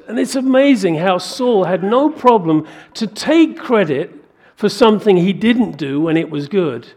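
Male pastor mid-sermon, slightly raised pitch, gravelly texture, animated and questioning. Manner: animated preaching with rhetorical questions.

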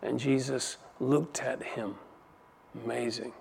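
A man preaching an expository sermon, reading scripture aloud and moving between emphatic and hushed delivery. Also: medium pitch, steady tone, slow, vocal fry, breathy edge.

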